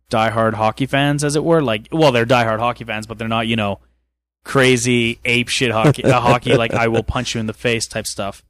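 A man from Canada co-hosting a casual podcast, with a monotone, rambling manner. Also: medium pitch, clean tone, no room sound. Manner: rambling, hesitant, with fillers and laughs. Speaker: podcast co-host.

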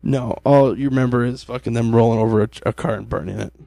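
A man's voice: mid-range voice, quick pace, vocal fry, dry recording, low-quality recording. Opinionated male podcast co-host. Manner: animated, opinionated, swears casually. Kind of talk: casual podcast chat.

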